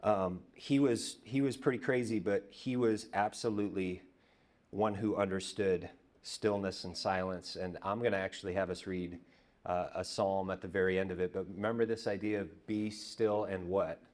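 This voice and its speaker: A man preaching a conversational sermon as pastor, telling stories and dropping to a hush on repeated words. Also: sits low, steady tone, normal speed. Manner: conversational, storytelling, drops to hushed repetitions. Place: church.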